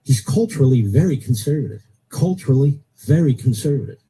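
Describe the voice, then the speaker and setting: A man's voice: mid-range voice, expressive, a little fast, dark tone, slightly rough, poor audio. A middle-aged man hosting a political talk radio show, blunt and opinionated, repeating his points for emphasis.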